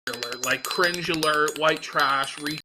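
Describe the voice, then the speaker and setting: A man's voice: on the high side, measured pace, background noise. A man co-hosting a podcast, casually reading posts aloud and mocking them with frequent swearing. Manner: sarcastic, mocking, swears often. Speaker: podcast co-host.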